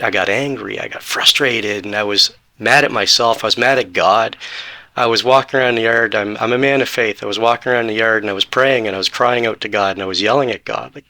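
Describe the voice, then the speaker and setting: A man in his forties tells his personal story as a podcast guest, voice sitting fairly low yet bright and forceful. He talks earnestly and plays out past conversations in quoted lines. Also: brisk.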